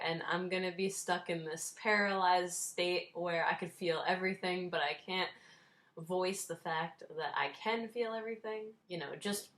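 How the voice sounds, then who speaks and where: A young woman in her twenties talks straight to her viewers in a relaxed vlog. Her voice sits a little low, and her tone stays wry and self-mocking, with small laughs slipped in. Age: 20s. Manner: wry, self-deprecating, laughs while telling. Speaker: vlogger. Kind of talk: casual storytelling vlog.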